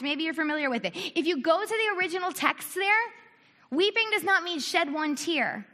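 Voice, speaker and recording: A high, bright-toned woman from the United States preaches a sermon, full of rhetorical questions and little acted-out voices. Her voice rings with a long reverb, as in a large hall. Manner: animated, acts out quoted voices, asks rhetorical questions.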